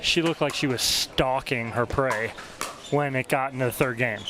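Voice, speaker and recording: A man giving live sports commentary at an outdoor venue, chatty with quick excited reactions to the play. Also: mid-range voice, background noise. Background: crowd.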